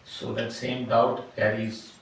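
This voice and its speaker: A man at a retreat slowly and hesitantly asking the teacher a question. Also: medium pitch, flat delivery, a little hiss or hum. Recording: echoey room, far from the mic.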